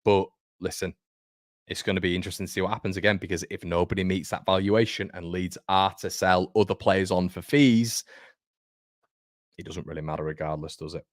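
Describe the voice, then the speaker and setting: A man's voice: low-pitched, steady tone, fairly quick, no echo, studio quality. A man hosting a football fan channel, chatting emphatically about transfers with joking asides. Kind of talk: casual football commentary to camera.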